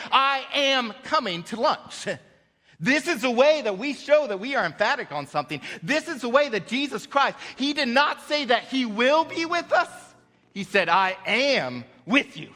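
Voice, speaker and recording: A high, bright-voiced man preaches a sermon from a church sanctuary, his words ringing out with long hall reverb. He is emphatic, swinging from soft, low passages to loud, high peaks, and drops light laughs between points. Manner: emphatic, rising and dropping sharply in pitch and volume. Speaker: pastor.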